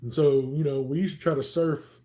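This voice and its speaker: Mellow Southern man telling stories. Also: on the high side, steady tone, a little fast. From Alabama, US. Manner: rambling, chatty, many "um"s. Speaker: channel host. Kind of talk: casual livestream storytelling.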